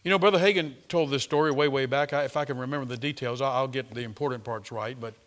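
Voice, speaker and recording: An older man preaching a sermon as pastor, repeating phrases and swinging from loud to hushed. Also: medium pitch, flat delivery, quick pace.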